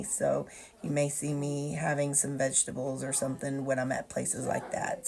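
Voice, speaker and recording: An older woman with a Missouri accent, chatting casually to her viewers and pausing often with ums. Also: low-pitched, creaky, dark tone. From Missouri, USA. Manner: hesitant, many ums, folksy. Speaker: weight-loss vlogger. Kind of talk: casual chat to camera.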